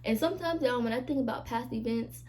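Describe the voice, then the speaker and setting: A young woman vlogging in a frank, chatty way, her voice sitting a little high but soft and mellow in tone. She talks straight to her viewers with emphatic asides, like a friend spilling about her life. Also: fast talker, a little hiss or hum. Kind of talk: casual confessional chat to camera.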